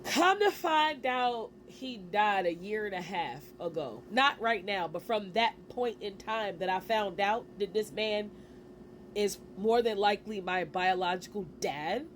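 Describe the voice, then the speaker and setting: Animated woman in her forties telling a story. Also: mid-range voice, slight background noise. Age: 40s. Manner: animated, conversational, with slang and quick asides. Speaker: vlogger. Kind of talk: casual storytelling to camera.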